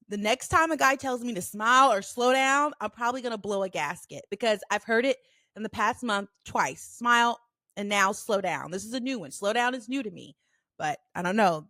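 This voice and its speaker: A woman in her thirties hosting a casual solo podcast, telling stories in an animated, blunt way with plenty of swearing. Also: fairly high pitch, fairly quick, dry recording, studio quality. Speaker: podcast host.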